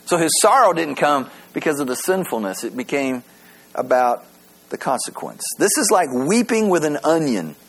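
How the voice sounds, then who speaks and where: A man preaching a sermon, animated and conversational, stumbling over repeated words as he starts sentences and slowing down to read scripture aloud. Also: on the high side, slightly rough. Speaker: pastor.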